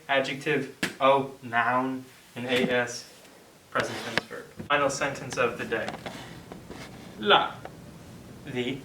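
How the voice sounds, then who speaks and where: A man teaches grammar at an unhurried pace, breaking each example sentence down piece by piece. His voice is bright and clear. He sounds set back from the mic in an echoey room, with faint noise underneath. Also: mid-range voice, recorded from a distance. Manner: slow, deliberate, checks in with partner. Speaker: co-host teaching Esperanto.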